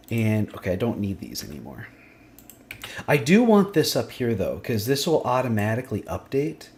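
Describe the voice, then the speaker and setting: A man's voice: medium pitch, a little hiss or hum. A man teaching a screen-recorded spreadsheet lesson, thinking aloud and muttering to himself as he works. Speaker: instructor. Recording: faint clicking and typing behind.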